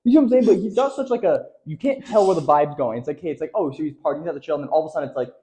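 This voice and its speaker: Young man, podcast co-host, loose rambling talk, slightly high voice. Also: lively intonation, rapid-fire, warm tone. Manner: loose rambling chat, full of "like" and "okay". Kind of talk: casual chat.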